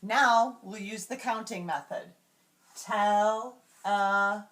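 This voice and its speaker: A woman calmly explaining classroom routines step by step, slowing down to sound out example words. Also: medium pitch, recorded from a distance. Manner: clear, measured, slows to sound out example words. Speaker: teacher trainer. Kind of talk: instructional walkthrough.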